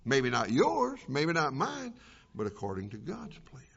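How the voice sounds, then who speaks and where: A man preaching a sermon and telling a story dramatically, swinging between loud and soft passages. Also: mid-range voice, huge pitch swings, unhurried, vocal fry, husky. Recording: dull lo-fi recording.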